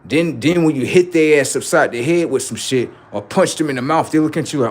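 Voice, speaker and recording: A middle-aged man rambling profanely to his livestream about his kids, acting out what they say in lively quoted voices. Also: on the high side, brisk, hardly any pauses. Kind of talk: casual monologue to a livestream audience.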